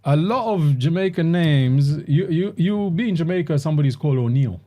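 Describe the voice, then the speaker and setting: A man chatting in a relaxed group discussion, his voice slightly high yet mellow and soft. He talks in bursts, repeating words and restarting sentences as he works out his point. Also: fairly quick. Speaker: host. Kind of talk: casual discussion. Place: London.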